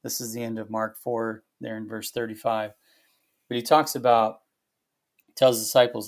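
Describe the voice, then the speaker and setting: A man hosting a devotional podcast, talking through a Bible passage in a reflective, halting way with many fillers. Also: mid-range voice, little pitch movement. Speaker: pastor and podcast host. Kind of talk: conversational devotional podcast talk.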